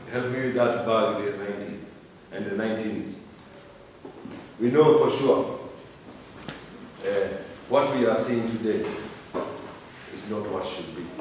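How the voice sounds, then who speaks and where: Man, deep voice, rhythmic impassioned chanting, distant mic, echoing hall. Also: a little mellow, slight background noise. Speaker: Rastafari elder reciting a poem. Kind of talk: spoken word poetry and chanting at a gathering. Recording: echoey hall from far off.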